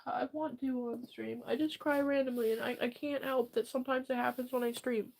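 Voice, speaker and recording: A young woman livestreamer crying as she talks, apologizing and answering her chat in halting bursts. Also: high-pitched, steady tone, gravelly, a little mellow.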